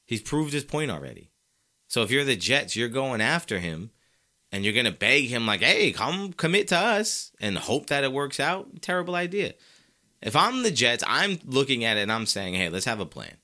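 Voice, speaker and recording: A man's voice: medium pitch, sharp tone. Fired-up man ranting about sports. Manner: emphatic repetition. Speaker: sports talk show host. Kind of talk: opinionated sports commentary.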